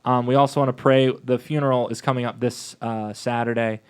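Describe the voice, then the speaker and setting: A man's voice: medium pitch, steady tone, fairly quick, clear, resonant tone. A man co-hosting a parish podcast, chatting casually in a rambling way with many fillers and restarts. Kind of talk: casual chat.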